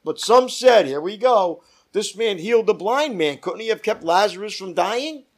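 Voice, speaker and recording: A man leading a Bible study as pastor, reading scripture aloud with emphatic rises and dropping to quiet asides. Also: high voice, animated, moderate pace.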